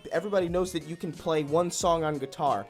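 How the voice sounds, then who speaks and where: Man, slightly high voice, deadpan mock-tutorial host who rambles and restarts, faint music under him. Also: fast. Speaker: comedy YouTuber parody host. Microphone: desk mic in home setup.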